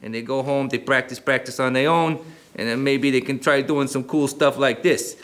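A man's voice: mid-range voice, fairly even intonation, moderate pace, fairly bright tone, natural voice. A man performing a brash, joking puppet showman who talks out of the side of his mouth in a live puppet comedy. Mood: cocky.

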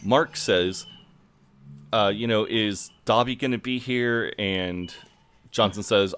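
A man with a fairly low voice talks through an episode in easy podcast chat. He quotes characters' lines in a dry, offhand way. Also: takes it slowly, fairly bright tone, clean tone. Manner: recounts scenes, quoting lines dryly. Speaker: podcast co-host. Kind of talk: casual recap chat.

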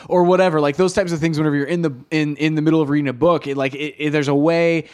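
A man's voice: fairly high pitch, steady tone, quick pace, hardly any pauses, a little mellow. A young adult man co-hosting a podcast, chatting enthusiastically and cracking jokes. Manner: enthusiastic, jokey, lots of fillers and restarts. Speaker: podcast co-host. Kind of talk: casual chat.

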